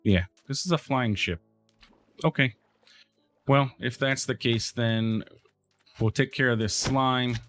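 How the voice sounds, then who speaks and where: A man's voice: mid-range voice, slow, long pauses, fairly bright tone, soft background music. A man hosting a game let's play, thinking aloud in casual commentary and talking back to the game.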